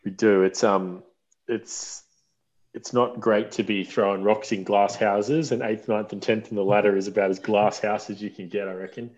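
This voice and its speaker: A man's voice: lowish voice, normal speed. Podcast host guy, laid back and rambly, muffled lo-fi mic. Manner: relaxed, rambling with fillers. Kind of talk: casual chat. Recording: dull lo-fi sound.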